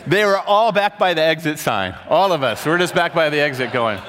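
A man preaching a sermon to a room, telling a story with animated, loud acted-out bursts. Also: fairly high pitch, brisk, a little hiss or hum. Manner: animated, acts out quotes with sudden loud bursts. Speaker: pastor. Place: large room before an audience.

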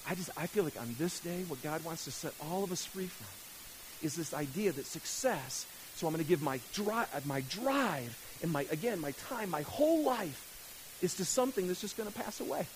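A middle-aged man preaching a sermon as pastor, emphatic, rising to loud outbursts and dropping to hushed lines. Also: a little high, expressive, normal speed, poor audio. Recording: faint hiss.

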